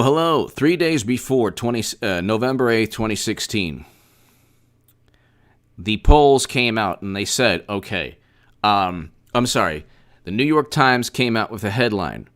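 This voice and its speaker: A man hosting a casual political commentary livestream, animated and repetitive, often restarting his sentences and speaking straight to viewers. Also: fairly low pitch, measured pace, long pauses. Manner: animated, repetitive, mock-quoting opponents, frequent restarts.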